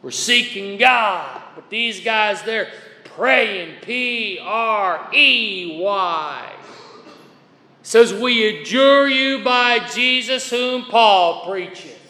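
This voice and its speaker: A man's voice: high-pitched, drawn-out words, pushed and bright. A man preaching a chapel sermon in a folksy, emphatic way, spelling out words to make his point. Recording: echoey chapel with long reverb.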